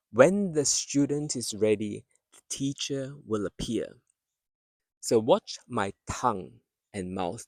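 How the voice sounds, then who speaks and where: A man gives a pronunciation lesson in a middle-pitched voice. He speaks very slowly and patiently, repeating words to demonstrate sounds. He is recorded outdoors among trees, with a dry, close sound. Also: a little mellow, dry recording. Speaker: English pronunciation teacher.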